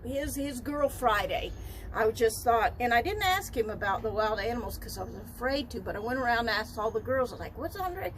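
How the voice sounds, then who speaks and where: High-voiced older woman, animated storyteller. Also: a little hiss or hum, low-quality recording. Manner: lively, laughs often, acts out dialogue. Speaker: interview guest, wild animal trainer.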